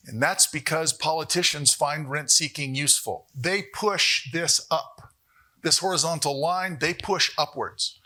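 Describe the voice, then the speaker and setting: A man giving a university economics lecture, animated, with jokey asides and rhetorical questions to the audience. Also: on the high side. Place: lecture hall.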